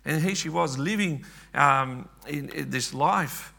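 A man's voice: on the high side, takes it slowly, vocal fry, bright, forceful tone, slightly rough. A man preaching a sermon earnestly, often repeating words and restarting phrases.

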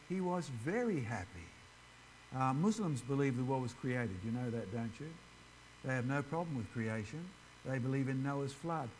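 A man's voice: a little high, a little mellow, a little hiss or hum, rough recording. A man giving an informal ministry presentation, chatting directly with his audience. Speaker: creationist ministry speaker.

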